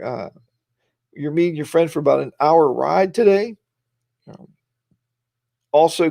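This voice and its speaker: A man's voice: fairly high pitch, creaky, warm tone, dry recording, clean studio sound. A tired middle-aged man hosting a casual live stream, rambling and greeting viewers by name.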